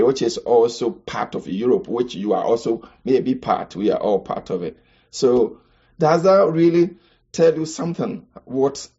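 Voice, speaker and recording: A man gives a podcast talk about marriage in a low, gravelly voice with a husky edge. He talks emphatically and throws in rhetorical questions that shoot up in pitch. The recording is dull and muffled. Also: warm tone. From Ghana. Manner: emphatic, rhetorical questions with sudden high exclamations. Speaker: marriage teacher.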